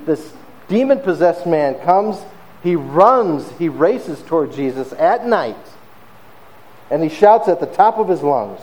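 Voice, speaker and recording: A man preaching a sermon in a conversational, animated storytelling manner, often pausing with fillers. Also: fairly high pitch, low-quality recording. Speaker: pastor.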